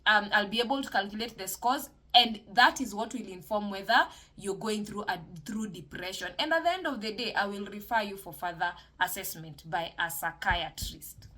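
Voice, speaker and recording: A woman's voice: medium pitch, normal speed, few pauses, sharp tone. A woman hosting a solo podcast, talking casually and encouragingly about mental health and faith, with many fillers and restarts. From Kenya.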